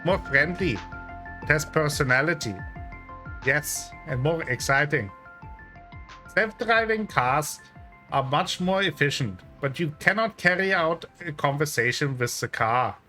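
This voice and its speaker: Man putting on a stiff German tourist, blunt and formal, German accent, pitched above his own voice, game music behind. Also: animated, unhurried, sharp tone. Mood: earnest. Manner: clipped, formal, blunt questions.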